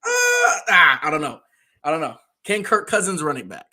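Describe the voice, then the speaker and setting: Bright-voiced man in sports banter. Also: fairly high pitch, huge pitch swings, normal speed. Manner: easygoing, laughing banter. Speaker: sports talk show co-host. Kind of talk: casual sports chat.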